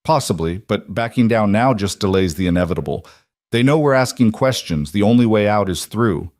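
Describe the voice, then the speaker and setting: A man's voice: on the low side, animated, a little fast, a little mellow, dry recording, clean studio sound, lightly acted. A man voicing a determined, guarded single father who talks in clipped, confrontational lines. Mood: resolute.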